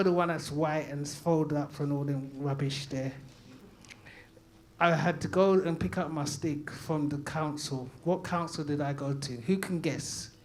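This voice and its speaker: A man with a London accent doing open-mic stand-up on a comedy night stage. His voice sits high for a man, and he talks loudly, laughing through his lines and trading calls with the crowd. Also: slight background noise. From Brixton, London. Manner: loud, chatty, laughing, riffs with the crowd.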